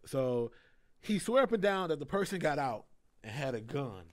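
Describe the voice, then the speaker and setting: A man's voice: a little high, normal speed, dry recording, clean studio sound. A young man telling a story in casual chat, laughing often and acting out the voices of people in it. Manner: animated, laughing often, acts out voices in quotes. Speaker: comedian guest.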